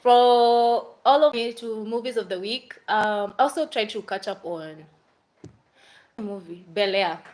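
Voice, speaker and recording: A woman's voice: a little high, takes it slowly, a little mellow, a little hiss or hum, rough recording. A young Kenyan woman chatting casually on a livestream about movies she watched, rambling and dropping Swahili fillers. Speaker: vlogger reviewing movies.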